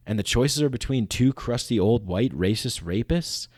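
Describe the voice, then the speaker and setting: A man hosting a podcast, delivering a sarcastic satirical monologue in rapid-fire mock voices. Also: mid-range voice, expressive, a little mellow, no room sound, clean studio sound. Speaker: podcast host.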